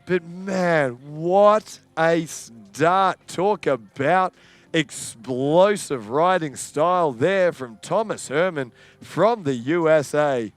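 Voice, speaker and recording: A man calling a live sports event, excitable and rising to shouts on the big moments. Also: on the high side, slow, dry recording. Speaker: sports commentator.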